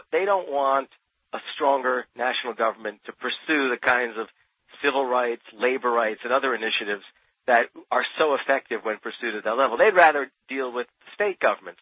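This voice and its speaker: Being interviewed on the radio, a Thomas Paine expert from New Jersey builds his points passionately and emphatically, often repeating words, in a mid-range voice with a breathy edge. There's no room sound; the recording has a dull, dry lo-fi radio quality.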